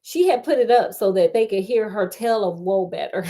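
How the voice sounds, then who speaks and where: A woman's voice: medium pitch, expressive, a little fast, warm tone. Sassy woman reading a novel aloud. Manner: sassy, joking commentary. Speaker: audiobook reader.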